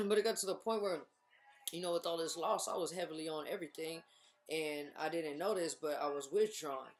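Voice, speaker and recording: A woman in her thirties telling her own recovery story in a casual, slangy way, acting out what others said. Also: low-pitched. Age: 30s. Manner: animated, slangy, acts out voices of others.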